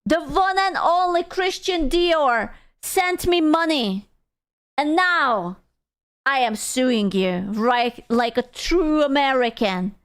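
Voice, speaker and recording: A woman's voice: high voice, expressive, slow. A young woman from Hungary with a Hungarian accent, a streamer chatting casually with viewers, teasing, rambling and swearing freely.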